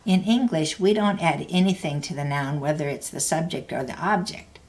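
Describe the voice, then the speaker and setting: A woman's voice: sits low, moderate pace. A woman teaching a language lesson, explaining grammar carefully in a scripted narration.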